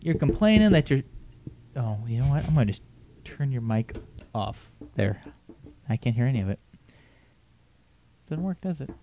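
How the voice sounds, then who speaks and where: A man's voice: mid-range voice, animated, normal speed, pauses often, mellow, dull audio, slight background noise. Middle-aged guy rambling on his home podcast, self-mocking, voice jumps all over. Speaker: podcast host. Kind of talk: casual home podcast chat.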